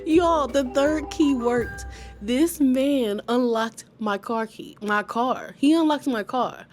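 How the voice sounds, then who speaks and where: A woman chatting casually to her viewers as she tells a personal story, lively and laughing often. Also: high-pitched, takes it slowly, soft background music. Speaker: vlogger telling a personal story.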